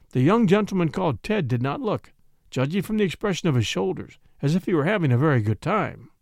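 A man reading a classic story aloud as narrator, in an expressive storytelling manner. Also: a little high, fairly quick, gravelly, dry recording, clean studio sound. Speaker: audiobook reader. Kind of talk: scripted narration.

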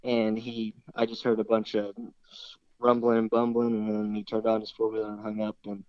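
A man's voice: on the low side, completely flat delivery, normal speed, clean tone, no echo, dull audio. A young man casually retelling a hunting story, rambling and acting out the dialogue. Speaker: hunter telling a story.

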